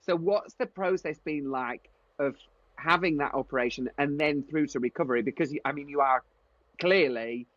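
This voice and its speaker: A man's voice: a little high, moderate pace, fairly bright tone, no room sound, muffled recording. A man with a Yorkshire accent co-hosting a podcast, asking friendly, rambling questions. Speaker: podcast co-host. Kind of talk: casual podcast chat.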